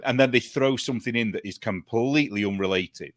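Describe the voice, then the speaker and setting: A British man chatting as a guest, an animated storyteller who laughs often. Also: mid-range voice, quick pace, hardly any pauses, dry recording, clean studio sound. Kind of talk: casual chat.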